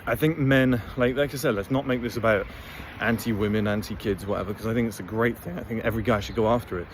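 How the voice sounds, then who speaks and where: A man's voice: lowish voice, fairly even intonation, quick pace, noisy background. A man giving a blunt, rambling, profane motivational monologue to camera as host of his own channel. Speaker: motivational vlogger.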